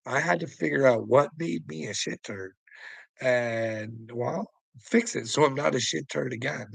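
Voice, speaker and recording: A man's voice: mid-range voice, vocal fry, a bit bright, no room sound, low-quality recording. A man ranting casually to a critic, taunting him with profanity and frequent chuckles. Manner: mocking, chuckling often, calls the listener "bud". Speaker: vlogger answering a critic. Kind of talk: casual rambling rant.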